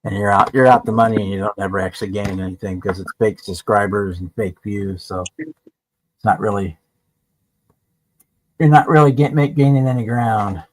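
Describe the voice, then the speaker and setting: Casual man, somewhat low voice, chatty explainer with restarts. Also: fairly even intonation, moderate pace, a little mellow, dry recording, poor audio. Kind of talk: casual livestream chat.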